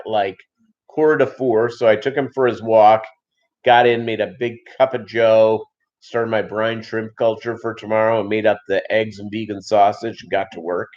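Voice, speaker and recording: A man hosting a fish-keeping channel, chatting casually and rambling with many fillers on a live stream. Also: on the low side. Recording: dull lo-fi sound.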